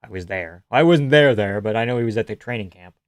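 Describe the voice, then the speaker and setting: A man's voice: on the low side, animated, quick pace, dry recording. Swearing, laughing male fight streamer. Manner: swears a lot, laughs often, rambling. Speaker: live streamer. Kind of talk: casual live fight commentary. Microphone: headphones on, close mic.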